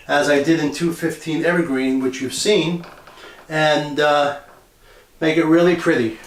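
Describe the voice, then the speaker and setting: A man's voice: fairly high pitch, a little hiss or hum. A man who invests in real estate, giving a casual, plain-spoken walkthrough of a house he is renovating, thinking aloud as he goes. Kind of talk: walkthrough property tour. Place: empty house under renovation, indoors. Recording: echoey bare rooms.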